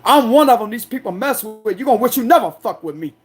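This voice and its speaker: Forceful, defiant man ranting. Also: very high-pitched, animated, quick pace, husky, soft background music. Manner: defiant, confrontational, repeats "you understand me"; loud, forceful, aggressive delivery. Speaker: astrology tarot reader. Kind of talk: angry ranting monologue.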